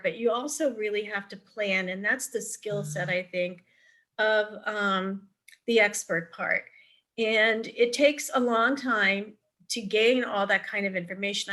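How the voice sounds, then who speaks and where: A woman's voice: mid-range voice, bright, forceful tone. A middle-aged woman speaking on a video call, a parent advocate giving advice in a chatty storytelling way, with frequent ums and restarts. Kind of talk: virtual forum talk, advice with anecdotes.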